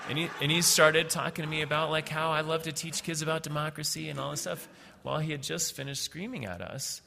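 A middle-aged man telling a personal story in a halting way, with many fillers and restarts. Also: on the high side, fairly even intonation, gravelly, big-room sound, noisy background.

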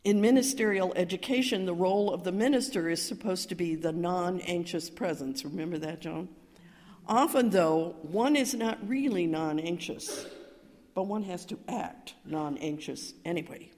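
An older woman minister telling a story in a sermon, calm and measured, rising to emphatic cries. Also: fairly low pitch. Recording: reverberant hall.

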